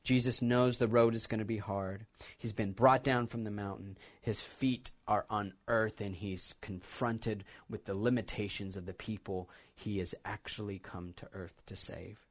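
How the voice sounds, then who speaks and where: A man's voice: lowish voice, fairly even intonation, normal speed. Man preaching a reflective sermon. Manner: reflective, retells scripture as a story. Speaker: pastor.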